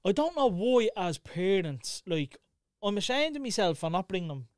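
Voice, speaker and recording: A young man with a Dublin accent tells a story in casual, profane chat, his voice sitting fairly high for a man. He keeps the telling animated, and the sound is close and dry with no room around it. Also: normal speed, no echo. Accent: Dublin Irish. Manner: swearing, animated retelling.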